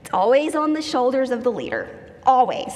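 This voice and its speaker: Woman preacher, high-pitched, playful storyteller, echoing hall. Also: a little fast. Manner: lively, humorous storytelling with acted-out quotes. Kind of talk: sermon. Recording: long hall reverb.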